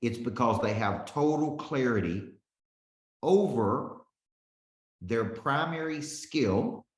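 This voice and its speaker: A man's voice: medium pitch, animated, slow, reverberant. A man in his forties, a business coach teaching a live webinar with lots of energy, calling on listeners by name and often checking in with "okay?". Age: 40s.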